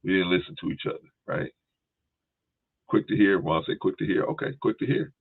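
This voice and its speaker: A man's voice: deep voice, expressive, a little fast. A male podcast host chatting casually, with a laid-back, rambling manner and frequent "right?" and "y'all". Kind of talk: casual chat. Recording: tinny phone-like line.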